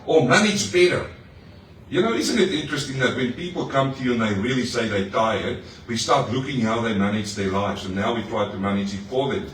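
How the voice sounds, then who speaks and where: A pastor preaching to his congregation, lively and personal, with playful asides and questions to the room. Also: mid-range voice, a little fast, slight background noise. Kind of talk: sermon. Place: church hall. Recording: echoey hall, mic far off.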